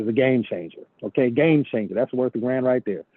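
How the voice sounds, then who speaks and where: A man's voice: medium pitch, fairly quick, dry recording. Preachy man on a tinny phone line. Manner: preachy, repeats phrases for emphasis. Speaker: network marketing team leader. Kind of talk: motivational leadership training call. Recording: phone-line call audio, dry.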